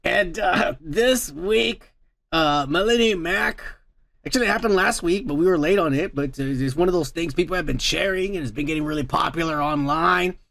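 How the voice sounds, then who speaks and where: A man's voice: on the high side, normal speed, creaky, fairly bright tone. A man hosting a podcast, talking in a crude, rambling, profane way and laughing often. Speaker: podcast host. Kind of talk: crude casual chat.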